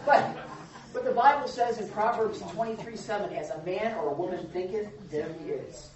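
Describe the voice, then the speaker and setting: A woman's voice: medium pitch, normal speed, a little mellow. A woman pastor preaches a conversational sermon, putting questions to her listeners. Her voice comes from some distance in a roomy hall, and the recording sounds somewhat dull with faint background noise. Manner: conversational, asks the congregation questions.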